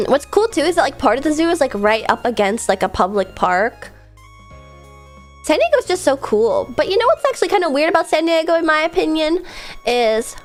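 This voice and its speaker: A young woman streaming casually, rambling about her day and answering chat messages as they come in. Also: high-pitched. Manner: rambling, chatty, reads chat aloud and answers it. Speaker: VTuber streamer.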